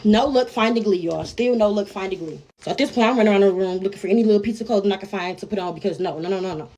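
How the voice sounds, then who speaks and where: Fast-talking brash young-sounding woman. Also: mid-range voice, a little mellow. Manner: brash, profane, keeps addressing her listeners as y'all. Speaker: storyteller. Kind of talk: casual storytime to the camera.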